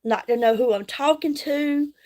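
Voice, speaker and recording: A woman's voice: high voice, normal speed, warm tone. A middle-aged woman, chatting casually on a live stream while doing her makeup, folksy and greeting viewers by name. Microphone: phone.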